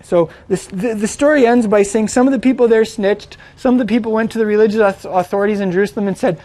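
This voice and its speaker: A man's voice: high-pitched, fast talker, few pauses, mellow. A man retelling a story in a chatty, informal way, with frequent restarts and fillers. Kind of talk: casual storytelling.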